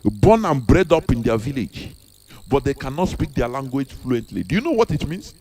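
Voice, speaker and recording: A man's voice: medium pitch, big pitch swings, moderate pace, a little mellow, a little hiss or hum. A man with a Nigerian accent giving an impassioned monologue, repeating rhetorical questions with emphatic, preachy delivery. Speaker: activist speaker.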